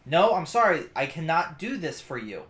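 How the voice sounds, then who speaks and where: A man's voice: a little high, sing-song, normal speed, a bit bright, reverberant. Stern tired lady, a guy doing her, sighing, curt, disapproving. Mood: firm.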